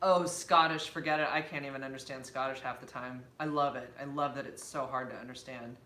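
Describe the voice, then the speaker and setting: Bright-voiced chatty woman in an echoey room. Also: rumbling low, a little fast. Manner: chatty, laughs often, animated. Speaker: co-host of a live stream. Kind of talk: casual live-stream chat. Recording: echoey room with faint background noise.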